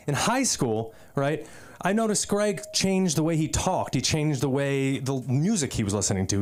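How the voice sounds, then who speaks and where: On a comedy club stage, a stand-up comedian from the US East Coast does an open mic set, talking in a loose, rambling way full of fillers and asides. His voice is mid-range and darkish.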